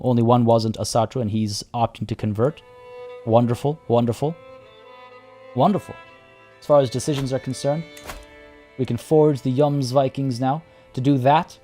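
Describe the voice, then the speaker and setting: Chatty man streaming a strategy game. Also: medium pitch. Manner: chatty, reads chat aloud and thinks out loud. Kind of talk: live game streaming commentary.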